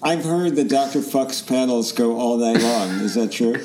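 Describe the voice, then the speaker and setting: A man's voice: mid-range voice, moderate pace, background noise. A man co-hosting a podcast, teasing and joking in casual chat. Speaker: podcast co-host.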